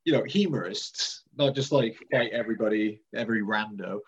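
A man's voice: on the low side, normal speed, slightly rough. Guy rambling on, lots of um and like, muffled audio. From Britain. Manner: rambling, self-deprecating, many fillers and restarts. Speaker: interview guest. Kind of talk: casual conversation.

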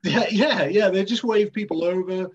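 A man's voice: high-pitched, moderate pace, muffled recording, a little hiss or hum. A man in casual conversation as an interview guest, rambling and self-deprecating, with many fillers and restarts. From Britain.

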